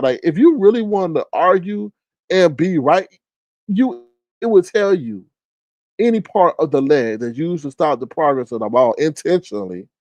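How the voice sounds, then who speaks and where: Animated man telling a story on a livestream. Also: no echo. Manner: animated, jumps to high pitch when quoting people; reads viewer comments aloud. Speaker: livestream host.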